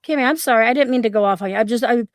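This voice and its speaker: A woman co-hosting a livestream, passionate and apologetic, quick to flare up in casual chat. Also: fairly high pitch, no room sound. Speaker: livestream co-host.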